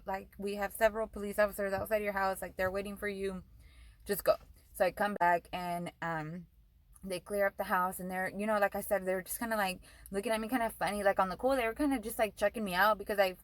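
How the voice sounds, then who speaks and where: A woman's voice: mid-range voice, dry recording, rough recording. Rambling, swearing young woman vlogger. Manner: profane, rambling, says "like" a lot. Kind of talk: casual storytelling.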